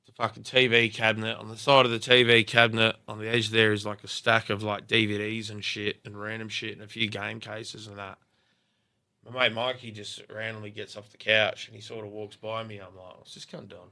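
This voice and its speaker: A young Australian man tells a story on a podcast in a loose, sweary style full of fillers. His voice is bright and forceful. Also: fairly low pitch, a little fast. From Perth, Australia. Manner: swears freely, lots of filler likes, animated retelling. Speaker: podcast guest, rapper. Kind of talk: casual storytelling.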